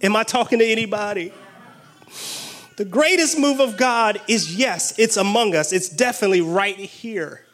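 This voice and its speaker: A man preaching a sermon with excited exclamations and call-and-response energy. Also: high voice, normal speed.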